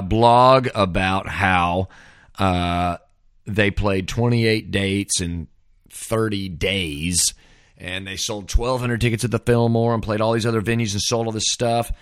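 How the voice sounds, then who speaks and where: A man's voice: on the low side, a bit bright, no echo, clean studio sound. A middle-aged man hosting a podcast, rambling through a wry, casual solo monologue full of "man" and "dude.". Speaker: podcast host.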